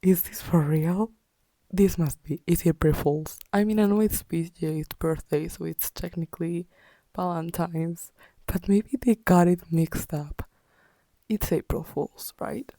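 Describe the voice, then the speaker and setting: A woman's voice: lowish voice, measured pace, warm tone, no room sound. A tired young woman talking in a casual, exasperated reading vlog, often dropping into a whisper late at night. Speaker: book vlogger.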